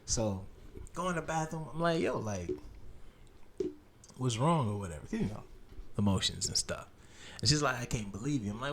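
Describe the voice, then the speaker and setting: A young man hosting a podcast, telling a story in animated, slang-filled casual chat and swearing freely. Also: medium pitch, moderate pace, pauses often, crowd noise. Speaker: podcast host.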